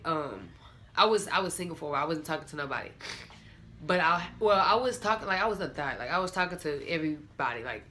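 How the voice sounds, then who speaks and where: A woman's voice: low voice, sharp tone, slight background noise. A young woman candidly telling a personal story, rambling and quoting what people said. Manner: candid, rambling, lots of "like" and quoted dialogue.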